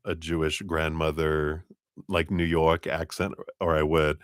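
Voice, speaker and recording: A man with a very low voice reads tarot on a live stream, recorded dry and close. He talks in a relaxed, rambling way, full of fillers and spiritual phrases. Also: a little slow, clear, resonant tone, dry recording. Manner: relaxed, meandering, spiritual talk with many fillers; acts out spirit voices in a raised pitch, laughs often. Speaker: tarot reader.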